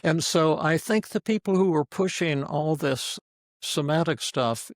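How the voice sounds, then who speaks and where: A man's voice: fairly high pitch, measured pace, no echo, clean studio sound. An older man, a psychiatrist and teacher, giving an informal teaching talk full of stories, speaking bluntly and frankly.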